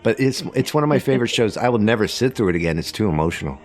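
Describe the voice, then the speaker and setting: A man co-hosting a podcast in casual chat, an animated storyteller who jokes and slips into voices. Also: fairly low pitch, rapid-fire, faint music behind. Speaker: podcast co-host.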